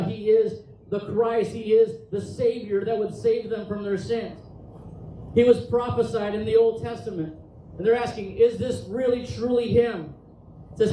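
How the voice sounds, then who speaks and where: Male pastor, high voice, passionate sermon, recorded from a distance in an echoey church hall. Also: dark tone, slight background noise. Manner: impassioned preaching, reads scripture aloud with emphasis. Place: church sanctuary.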